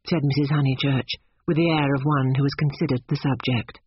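A man narrating a novel as an audiobook, measured and expressive. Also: mid-range voice, slightly rough, dry recording, muffled recording. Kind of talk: scripted literary narration.

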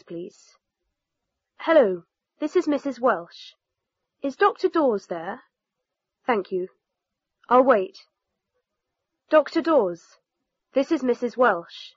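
A woman's voice: on the high side, expressive, takes it slowly, pauses often, no echo, pitched above the performer's own voice. A woman reading a worried, polite mother calling the doctor in a textbook dialogue. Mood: concerned. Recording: dull lo-fi recording.

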